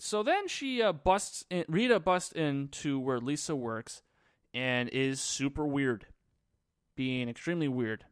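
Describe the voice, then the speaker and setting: A man's voice: medium pitch, animated, a little slow, clear, resonant tone, no room sound, studio quality. A man casually recapping a movie on his own, rambling and sarcastic. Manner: rambling, sarcastic, lots of fillers. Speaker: movie reviewer.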